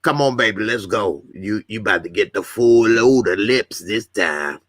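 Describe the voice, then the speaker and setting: A man doing an impression of a smooth-talking young man making a move on a woman. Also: fairly low pitch, animated, moderate pace, fairly bright tone, no room sound, studio quality. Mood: suggestive.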